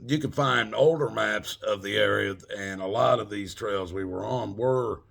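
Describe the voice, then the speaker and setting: A man's voice: lowish voice, moderate pace, vocal fry, fairly bright tone. A middle-aged man casually telling a rambling, profane story and calling his listeners folks. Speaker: channel host telling a story.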